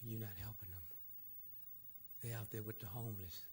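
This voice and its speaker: A man giving an impassioned, sarcastic lecture, swinging between shouting and hushed asides. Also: on the low side, steady tone, fairly quick, slight background noise. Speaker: public speaker. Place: lecture hall.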